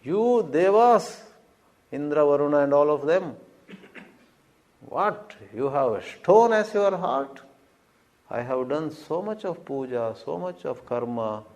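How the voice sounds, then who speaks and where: A man's voice: high voice, big pitch swings, slow pace, darkish tone, voice pushed up, heavily acted. A man doing a pleading old father. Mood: indignant. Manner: earnest, pleading. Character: grief-stricken old father pleading with his son.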